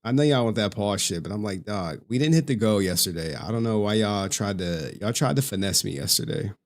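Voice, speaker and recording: Low-voiced man rambling on a stream. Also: lively intonation, brisk. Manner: rambling, laughs often, talks to chat. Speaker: livestream host. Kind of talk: casual stream chat.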